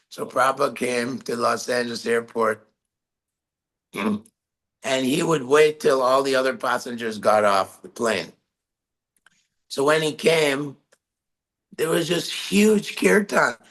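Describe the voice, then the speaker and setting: A man giving a talk, telling anecdotes with frequent laughter and animated delivery. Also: on the high side, gravelly, rough recording. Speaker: lecturer recalling memories. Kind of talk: storytelling talk.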